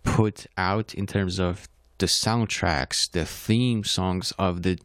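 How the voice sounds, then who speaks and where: A young man with a Persian accent talks casually and in a rambling way, stopping to correct himself as he introduces music. His voice sits fairly low. The sound is dry and close, with no room around it. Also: steady tone, slow pace, fairly bright tone, dry recording. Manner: rambling, self-correcting, conversational. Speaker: playlist host. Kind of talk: casual solo talk.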